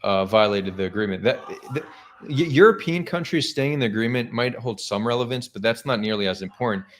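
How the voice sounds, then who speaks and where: A man's voice: medium pitch, brisk. A man hosting a live stream, talking casually and skeptically, thinking aloud with frequent restarts. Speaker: streamer host.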